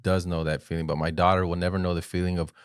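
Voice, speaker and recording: A middle-aged man co-hosting a podcast, telling family stories in casual chat and acting out quotes by jumping high and loud. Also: fast talker, clean tone, no room sound, clean studio sound. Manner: animated storytelling, acting out quotes with sudden high loud jumps. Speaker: podcast co-host.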